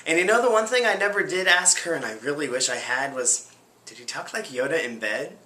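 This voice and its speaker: A man's voice: a little high, animated, a little fast, pushed and bright, roomy sound. A male host who chats and signs off in a playful, teasing way. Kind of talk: casual comic chat and sign-off.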